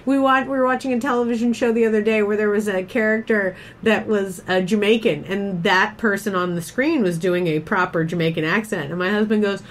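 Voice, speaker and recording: A woman from Boston hosts a casual podcast chat. Her voice sits in a middle pitch, and she speaks playfully, laughing a lot and trailing off into fillers. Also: steady tone, brisk, few pauses, slight background noise. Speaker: podcast host.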